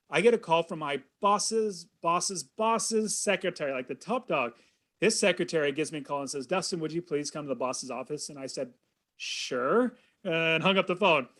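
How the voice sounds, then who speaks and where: Man, thirties, podcast guest, earnest storyteller, slightly high voice. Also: a bit bright. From California. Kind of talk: storytelling in an interview.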